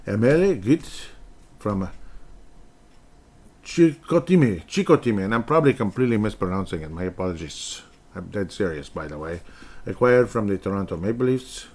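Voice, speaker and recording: A man hosting a solo hockey podcast, rambling in a dry, sarcastic way with self-mocking asides. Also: lowish voice. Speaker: podcast host.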